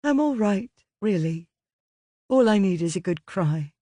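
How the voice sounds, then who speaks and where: Audiobook: a worn-out young woman, soft and halting, voiced by a man reading, set higher than his own voice. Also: expressive, no room sound. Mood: weary. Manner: low, tired, halting. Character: tired, shaken young woman.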